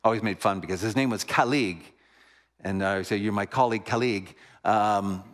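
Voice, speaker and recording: Low-voiced man preaching a story. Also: fairly quick. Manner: animated storytelling, drops to hushed tones at moving moments. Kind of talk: sermon storytelling.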